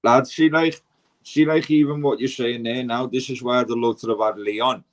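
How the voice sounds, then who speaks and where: A man hosts a relaxed conversation. He talks loosely and leans on fillers as he goes. His voice sits at an ordinary middle pitch. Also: normal speed. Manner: loose, filler-heavy, "like" and "mate". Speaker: host, former prisoner. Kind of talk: casual chat.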